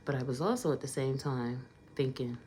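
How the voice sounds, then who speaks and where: A woman's voice: rumbling low, normal speed, warm tone, slight background noise. A woman telling a casual storytime vlog in a conversational way, getting emphatic in her asides.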